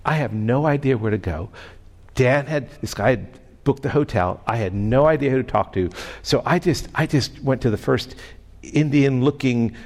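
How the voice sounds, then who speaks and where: A male pastor delivers a storytelling sermon in a voice of ordinary middle pitch. He talks in an animated way, stumbling and repeating words as the story runs ahead of him. His voice trails off into the long reverb of a large church hall. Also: normal speed. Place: church sanctuary.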